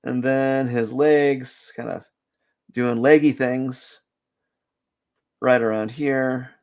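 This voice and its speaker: A man's voice: mid-range voice, steady tone, takes it slowly, darkish tone. A young man chatting casually on a drawing live stream, rambling with lots of fillers and restarts. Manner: rambling, self-deprecating, many fillers and restarts.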